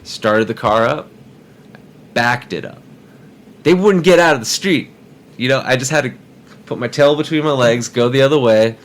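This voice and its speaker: A man's voice: medium pitch, normal speed, pauses often. A man telling a story casually on a podcast, rambling and repeating words as he goes.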